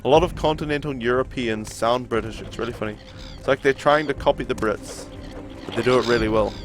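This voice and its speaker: A man's voice: medium pitch, a little fast. New Zealand man chatting over game music. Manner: relaxed, rambling, laughs often. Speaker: game streamer. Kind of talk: casual chat while playing, reading out chat.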